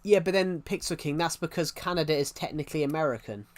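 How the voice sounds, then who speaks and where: A man's voice: a little high, quick pace. An English-accented man talks on a live stream in a loose, wandering way. He trips over his own sentences and starts them again as he chats to the viewers. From England. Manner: rambling, many restarts, chatting to viewers. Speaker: livestreamer. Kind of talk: casual live stream chat.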